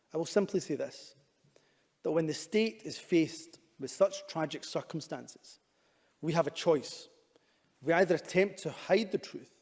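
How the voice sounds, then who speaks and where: A man's voice: mid-range voice, a little mellow. A man, a government minister giving an earnest, emphatic formal speech to parliament. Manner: earnest and emphatic, with repeated urging statements. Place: large debating chamber. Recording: long reverb of a debating chamber.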